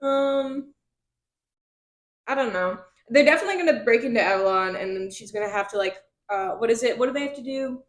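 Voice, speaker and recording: A woman co-hosting a podcast, talking about a book in blunt, animated casual chat and swearing freely. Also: fairly high pitch, fairly quick. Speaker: podcast co-host. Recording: roomy echo.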